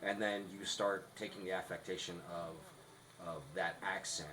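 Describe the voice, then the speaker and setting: A man's voice: low-pitched, steady tone, a little slow, background noise. A man co-hosting a podcast, explaining rehearsal tips in a casual, instructive way. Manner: instructive, restarts often. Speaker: podcast co-host.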